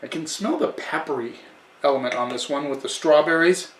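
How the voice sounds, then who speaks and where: A man's voice: a little high, brisk, fairly bright tone, recorded from a distance, slight background noise. A man giving a casual wine tasting review in a chatty way, often restarting and correcting himself. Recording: echoey room, away from the mic.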